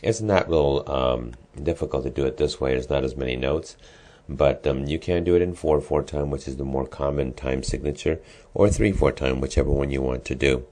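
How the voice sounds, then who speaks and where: A man with an extremely deep, low voice walks students through a class assignment. He talks casually and explains each step, pausing on ums and restarting his sentences. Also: warm tone. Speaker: music teacher. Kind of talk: screen-recorded lesson walkthrough.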